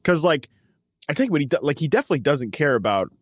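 Brief: male sports podcast co-host, animated pitch, hedges every take, close dry mic. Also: fast, no echo. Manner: rambling, hedging opinions with "like" and "I think". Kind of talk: casual sports chat.

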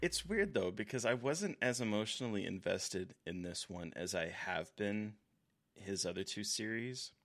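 A man co-hosting a casual film podcast, with a lowish voice and a bright, clear tone. He thinks aloud in a reflective way, with a dry sense of humor. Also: expressive, normal speed. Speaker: podcast co-host.

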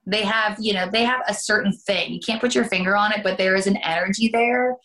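A woman's voice: mid-range voice, brisk, fairly bright tone. A Canadian woman, an actress, chatting in an interview, talkative with laughing asides. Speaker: soap opera actress, guest. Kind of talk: casual interview chat.

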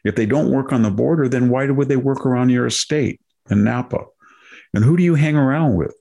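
A man's voice: medium pitch, a little fast, dark tone. An older man hosting a political talk show, delivering sardonic commentary full of mocking rhetorical questions. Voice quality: gravelly, husky. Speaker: podcast host.

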